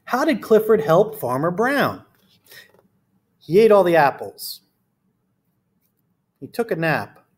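A man's voice: sits high, big pitch swings, slow pace, long pauses, husky. A man reading a picture book aloud to children, then leading a friendly art lesson with playful quiz questions. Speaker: art teacher.

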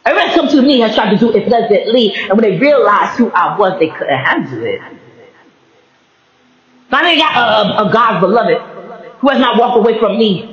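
A man with a high, very lively voice talks through a casual faith-based monologue, rambling and laughing as he goes. He restarts sentences often. The recording is roomy and slightly dull. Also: normal speed. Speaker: vlogger.

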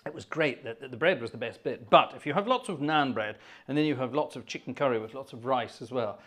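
A man's voice: medium pitch, a little fast, fairly bright tone. A man hosting an organ music livestream, chatting in a rambling, self-mocking way between pieces and a bit out of breath. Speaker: host. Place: home room with a digital organ.

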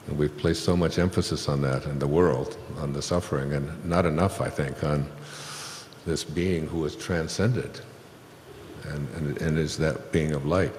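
A man giving a reflective spiritual talk to a live audience, unhurried, with many fillers and restarts as he retells old scripture conversationally. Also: rumbling low, steady tone, darkish tone, slight background noise. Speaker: spiritual speaker addressing an audience. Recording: echoey hall with long reverb.

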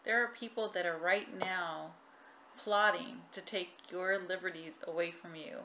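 A woman co-hosting a casual talk show, emphatic and quick to chime in with agreement. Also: lowish voice, steady tone, sharp tone. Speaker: co-host. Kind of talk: casual conversational chat. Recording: lo-fi recording with faint noise.

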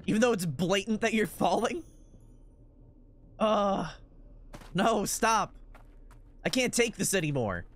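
A man's voice: sits high, expressive, slow, long pauses, a bit bright. A man in his twenties streaming a game, rambling through silly jokes and laughing constantly. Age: 20s. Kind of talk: casual gameplay commentary.

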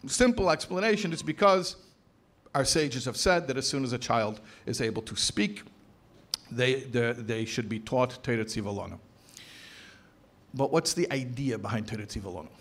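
A man speaking as a rabbi at an educators' convention, lecturing with emphasis, repeating phrases for stress and slowing down on key words. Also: medium pitch, fairly bright tone. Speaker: rabbi giving a talk to educators. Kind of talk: conference lecture. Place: convention hall.

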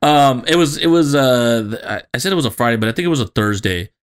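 A man co-hosting a podcast in crude, casual chat, excitable and swearing, laughing often. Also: medium pitch, fast talker, smooth. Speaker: podcast co-host.

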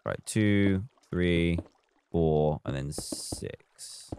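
Low-voiced man chatting on a stream. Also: extremely slow, darkish tone, a little hiss or hum. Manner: chatty, reads viewer comments aloud and counts blocks under his breath. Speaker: live streamer. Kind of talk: casual live-stream chat while building in a game.

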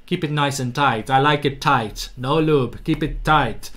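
A man's voice: mid-range voice, a little slow, a bit bright, lightly acted. A man doing a smug old football manager. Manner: smug and insistent. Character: smug, defensive-minded older male football manager.

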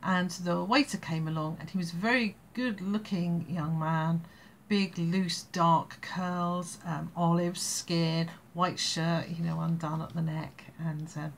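A woman's voice: fairly low pitch, steady tone, measured pace, gravelly, slight background noise. An English woman in her sixties telling a family anecdote in a casual, rambling way, laughing between phrases. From England. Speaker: storyteller vlogger.

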